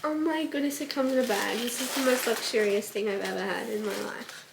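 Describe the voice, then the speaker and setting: A young woman talks straight to her camera in a chatty, upbeat way, gushing over small things. Her voice sits a little high. Steady background noise runs under her. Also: brisk, gravelly. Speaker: vlogger. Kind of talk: casual vlog chat. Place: outdoors in a park, then at home.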